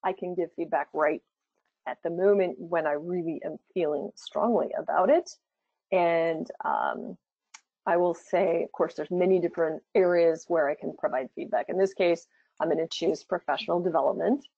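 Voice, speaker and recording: Lady walking thru a software demo, chatty, lots of ums, dry muffled recording. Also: fairly even intonation, normal speed, creaky, breathy edge, no echo. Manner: chatty, thinking aloud with fillers. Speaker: product presenter. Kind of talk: live product demo, conversational. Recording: dull low-fidelity sound.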